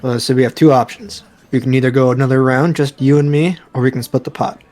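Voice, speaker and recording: Flat, fast-talking man at a tabletop game. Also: mid-range voice, soft background music. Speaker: player.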